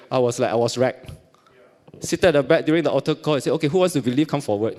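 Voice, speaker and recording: Speaking fast in a mid-range voice, a middle-aged man from Singapore tells his church testimony with a Singaporean accent. His storytelling is animated, full of acted-out dialogue and frequent laughter.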